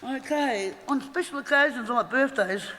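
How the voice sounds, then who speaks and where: An Australian woman in middle age tells a rambling eulogy full of family stories, laughing as she goes. Her voice sits very high. The sound is echoey, with faint noise in the background. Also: moderate pace, sharp tone. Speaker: eulogy speaker. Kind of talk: funeral eulogy, anecdotal storytelling. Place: funeral hall.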